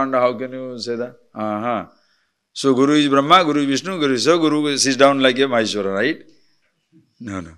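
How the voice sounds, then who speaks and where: A man's voice: on the high side, quick pace, fairly bright tone. A man giving a spiritual discourse as a teacher, blunt and teasing, full of rhetorical questions.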